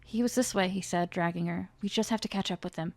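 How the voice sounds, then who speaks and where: Woman with a gravelly voice reading fiction. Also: on the low side, fast, no echo. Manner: reads the characters' lines with rising emotion. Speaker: author reading her own book.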